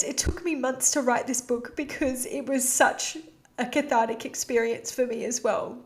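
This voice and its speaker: A woman with a fairly high-pitched voice hosts her own podcast and speaks openly and from the heart. Her talk is casual and confessional, full of "you know" and "like". Her voice carries strong emotion as she shares something personal. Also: fairly even intonation, moderate pace. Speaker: podcast host.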